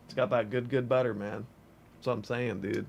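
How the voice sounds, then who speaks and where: A man's voice: medium pitch, fairly even intonation, a little fast, gravelly, a little mellow. A man co-hosting a livestream, chatting casually and swearing easily. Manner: laid-back, swears casually. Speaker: livestream co-host.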